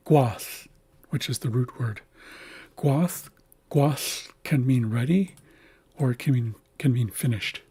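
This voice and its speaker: A man teaching a language in a livestream lesson, speaking slowly and carefully and repeating words to show how they are said. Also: mid-range voice, darkish tone, breathy edge.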